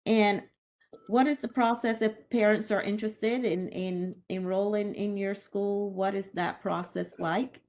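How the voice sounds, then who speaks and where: A woman chairing a committee on a video call, asking friendly, brisk questions. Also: medium pitch, steady tone, darkish tone, slight background noise. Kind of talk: chairing a virtual meeting. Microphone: video call mic.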